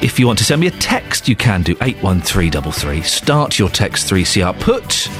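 Lively chatty male radio presenter. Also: sits low, normal speed, music in the background. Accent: English. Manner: chatty, jokey, rambling with restarts. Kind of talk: breakfast radio presenting and anecdotes. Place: radio studio. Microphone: studio microphone.

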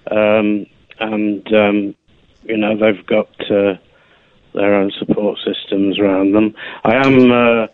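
A man's voice: level tone, takes it slowly, no echo. Tired male caller on a tinny phone line. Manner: hesitant, low-key, many fillers. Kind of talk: phone-in call.

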